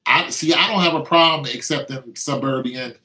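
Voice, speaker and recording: Speaking at normal speed with a medium-pitched, sharp-toned voice, an American man offers opinions in a casual, rambling, emphatic way. He keeps restarting and adding "you know what I'm saying," and the audio quality is poor.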